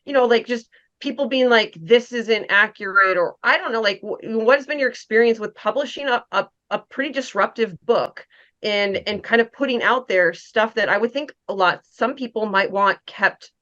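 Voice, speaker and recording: A woman hosting a podcast asks a long, hesitant question full of fillers. Her voice is bright and sharp, and the audio sounds dull and lo-fi. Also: fairly high pitch, moderate pace. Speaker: podcast host. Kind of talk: casual podcast conversation.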